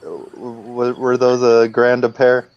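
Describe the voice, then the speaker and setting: A man's voice: medium pitch, fairly even intonation, slow pace, highs cut off. A man hosting a casual live video call, politely asking a guest to show more. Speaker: host asking questions.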